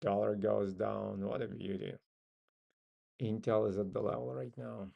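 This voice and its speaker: A man's voice: on the low side, level tone, measured pace, creaky, muffled recording. A man with a non-native English accent hosts a casual live trading stream. He muses and thinks aloud with frequent ums. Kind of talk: casual live market commentary.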